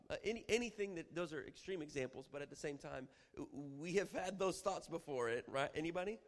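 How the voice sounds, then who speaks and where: A man with a high voice teaches on the Psalms in an animated, humorous way and acts out sample prayers. His voice rings in a long hall reverb. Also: brisk, hardly any pauses. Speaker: Bible teacher.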